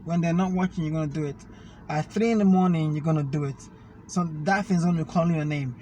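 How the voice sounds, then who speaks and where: A man's voice: a little high, fast talker, mellow. A man, casually explaining fitness and food with step-by-step analogies while riding in a car. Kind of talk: casual conversation. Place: inside a car. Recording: noisy car recording.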